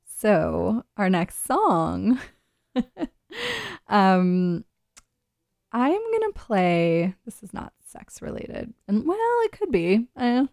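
Brief: woman radio host, chatty and rambling, some vocal fry, dry close sound. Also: medium pitch, wildly swooping pitch, drawn-out words, darkish tone, dry recording. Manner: chatty, rambling, laughs often. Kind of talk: casual radio chat.

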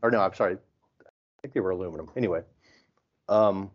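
A man's voice: sits low, brisk, muffled recording. A man from the Midwest telling stories in casual chat and acting out what people said. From American Midwest. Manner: animated storyteller, acts out quotes.

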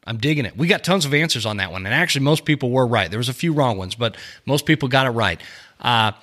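A man hosting his own podcast in casual chat, rambling along with lots of fillers and quick self-corrections from a small home studio. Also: medium pitch, expressive, a bit bright. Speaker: podcast host.

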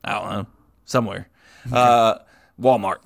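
A man co-hosting a casual podcast, swearing often and jumping up high in pitch when he argues. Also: unhurried, gravelly, dry recording, clean studio sound. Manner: animated, swears a lot, voice jumps up high when arguing. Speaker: podcast co-host. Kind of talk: casual banter. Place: Central Florida.

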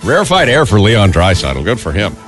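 A man's voice: fairly low pitch, wildly swooping pitch, a little fast, over music. A man co-hosting a morning radio show, chatting in a playful, teasing way. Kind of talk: casual morning radio banter.

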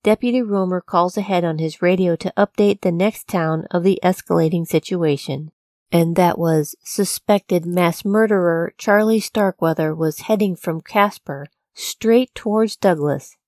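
Woman narrator, lowish voice, dry close sound, scripted true-crime telling, steady. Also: unhurried, no echo. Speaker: podcast narrator.

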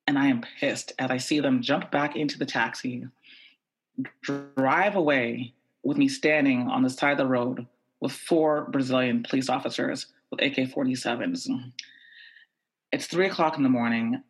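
A man from the United States telling a tense personal story with animated, repetitive buildup. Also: mid-range voice, normal speed.

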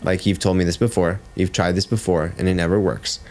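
This man in his thirties coaches jiu-jitsu, is a father, and tells stories in a casual podcast chat, speaking bluntly, swearing freely and saying "dude" a lot. His voice sits low and level, moves fairly quickly, and has a slightly mellow quality.

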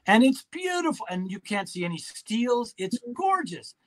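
Middle-aged man, high-pitched, animated anecdote teller. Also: normal speed. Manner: animated storyteller who acts out quotes. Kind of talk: casual chat.

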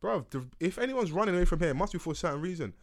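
A man, hosting a podcast in casual, slangy, animated chat. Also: high-pitched, racing. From United Kingdom. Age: 20s. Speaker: podcast host.

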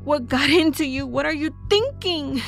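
A woman playing a shrill, furious mother. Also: expressive, moderate pace, creaky, a bit bright, faint music behind, exaggerated voice. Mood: scolding. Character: furious mother blaming her daughter.

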